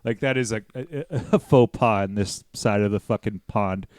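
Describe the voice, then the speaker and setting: Rambling, joking American podcast host. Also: male voice, lowish voice, normal speed, smooth, dry recording. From United States. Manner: rambling, joking, swears casually. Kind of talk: casual podcast chat.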